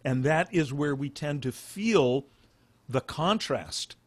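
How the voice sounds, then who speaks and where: A man teaching a meditation class who talks in halting phrases, restarting often and explaining with plain examples. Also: on the high side, animated, no echo. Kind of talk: dharma talk.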